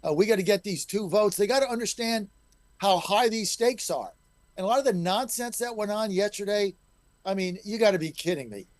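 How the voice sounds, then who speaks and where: A middle-aged man with a high voice speaks briskly, with no echo, as a state legislator guest on a call-in talk radio show. His manner is emphatic and combative.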